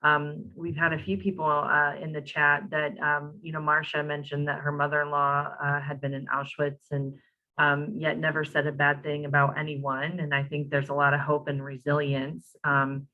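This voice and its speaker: A woman's voice: sits low, monotone, moderate pace, narrow, tinny audio. A woman hosting an online talk, reading out audience questions in a conversational way with many fillers. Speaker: host, moderator.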